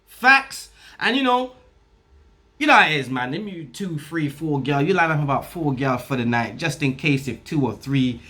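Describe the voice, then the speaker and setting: A young man telling a crude story to camera, loud and animated, acting out both sides of an argument. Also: on the high side, normal speed.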